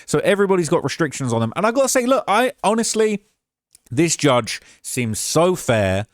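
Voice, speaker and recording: A man's voice: on the high side, sing-song, normal speed, dry recording, clean studio sound. A man giving casual commentary on a court case, talking emphatically and checking in with the listener often. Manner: emphatic and conversational, with frequent "all right?" asides.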